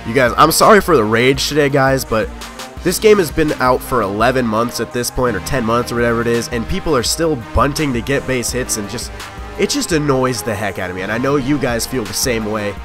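A young man giving live commentary on his own gameplay, excitable and quick to shout or grumble at the game. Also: medium pitch, music in the background. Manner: excitable, yelling at the game, frustrated outbursts. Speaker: gaming YouTuber.

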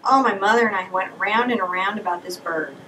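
A woman teaching a paint-along painting lesson, chatting and telling lively stories with playful asides as she works. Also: medium pitch, a little fast, recorded from a distance, a little hiss or hum. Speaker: painting instructor. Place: home art studio.

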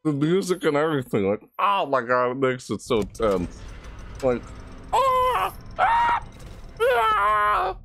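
A gaming channel host playing a horror game, panicking out loud with yelps, shrieks and repeated cries of alarm. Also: mid-range voice, sing-song, normal speed. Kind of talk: horror game let's play commentary. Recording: game music loud under the voice. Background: loud tense game music.

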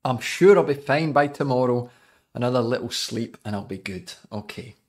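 A man's voice: medium pitch, normal speed, a little mellow. Scottish male coach in his forties, jokey and chatty, hosting a live podcast. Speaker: cycling coach.

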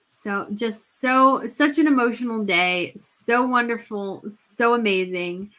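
A woman's voice: a little high, takes it slowly, few pauses, a bit bright. A woman hosting a casual livestream, gushing and chatty, with many fillers and restarts. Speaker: royal news livestream host.

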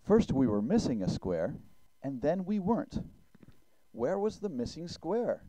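A man's voice: a little high, very animated, unhurried, mellow, no echo, pitched above the performer's own voice, poor audio. A man voicing a thoughtful male square tangram piece in a storybook cartoon. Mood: puzzled.

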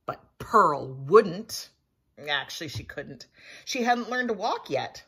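Breathy expressive woman reading a storybook. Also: lowish voice, slow. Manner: expressive, playful. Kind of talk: storybook read-aloud.

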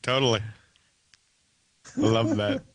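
A man co-hosting a casual late-night chat, animated and joking, swearing casually. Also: medium pitch, takes it slowly, no room sound. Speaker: co-host.

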